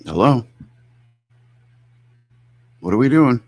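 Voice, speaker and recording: A man's voice: mid-range voice, sing-song, takes it slowly, a little mellow. A man streaming live, reacting to clips with mocking, profane, incredulous commentary.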